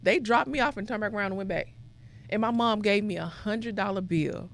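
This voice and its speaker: A young woman from Mississippi, telling her life story as a podcast guest in an animated way. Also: medium pitch, a little fast. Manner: animated, acts out quoted voices. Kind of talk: conversational storytelling.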